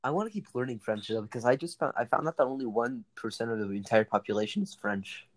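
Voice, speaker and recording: Young man, mid pitch, casual rambling chatter full of fillers, dry close mic. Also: quick pace, no echo. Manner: rambling, laughs often, says like a lot. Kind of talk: casual chat.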